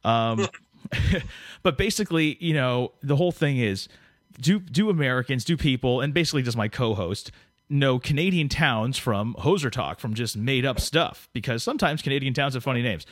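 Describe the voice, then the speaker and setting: A man with a medium-pitched, expressive voice hosts a podcast at a moderate pace, recorded cleanly in a studio with no echo. He jokes around and rambles with his guest, full of fillers and restarts.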